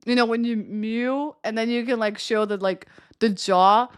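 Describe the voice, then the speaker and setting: A young woman with a slightly high voice and a light lisp from a retainer tells stories to her stream viewers. She rambles and giggles through them, with plenty of ums and likes. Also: steady tone, normal speed, smooth. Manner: giggly, rambling storytelling with many fillers. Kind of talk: casual chat to stream viewers.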